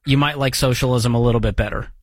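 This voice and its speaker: A man's voice: medium pitch, steady tone, fast, no room sound. A man hosting a call-in radio show with an upbeat, joking manner. His voice sits in the middle of the range. The studio sound is dry and close. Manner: upbeat, joking, reads listener questions aloud. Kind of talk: casual call-in radio talk.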